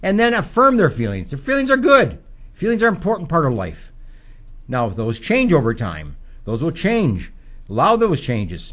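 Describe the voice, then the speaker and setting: Lively, earnest older man giving parenting advice. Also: medium pitch. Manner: earnest, repetitive, teacherly, with rising emphasis. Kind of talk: advice talk.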